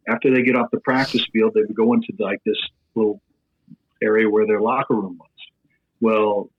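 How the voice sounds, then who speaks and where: A middle-aged man with a Midwestern American accent, a sports broadcaster telling an animated anecdote on a podcast, tossing in fillers as he goes. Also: mid-range voice, husky. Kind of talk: podcast storytelling. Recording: tinny phone-like line.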